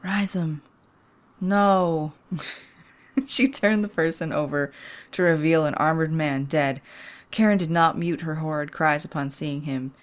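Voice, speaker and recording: A woman hosting a let's play, narrating game text aloud in a chatty, giggly way. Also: sits low. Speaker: host.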